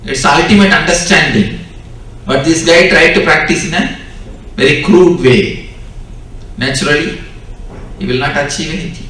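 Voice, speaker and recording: A man's voice: on the high side, normal speed, long pauses, pushed and bright, slight background noise. A young man with an Indian English accent giving a spiritual discourse, telling stories and repeating his key lines for emphasis. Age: 20s. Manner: repetitive, emphatic storytelling. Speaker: spiritual teacher. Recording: echoey distant hall recording.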